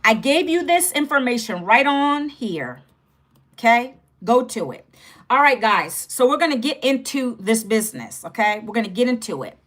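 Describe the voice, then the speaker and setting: A woman in her fifties hosts a livestream in a casual, direct way. Her voice sits a little high, and she keeps checking in with her viewers. Her talk is loose and chatty. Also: very animated, normal speed, fairly bright tone. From United States. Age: 50s. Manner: chatty, direct, repeats "okay" and "guys". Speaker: livestream host.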